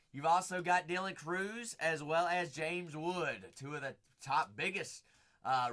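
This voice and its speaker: A man's voice: a little high, pushed and bright. An American man hosting a live card-break stream, hyping the remaining slots and chatting casually with viewers. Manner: upbeat hype, repeating phrases, chatting with viewers. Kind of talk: live-stream sales patter.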